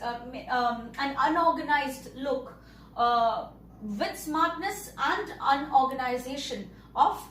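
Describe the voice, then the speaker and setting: A woman's voice: high voice, far from the mic, a little hiss or hum. A woman teacher explaining a story to pupils, repeating and rephrasing words as she goes. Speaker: English teacher. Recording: echoey room, voice a bit off-mic.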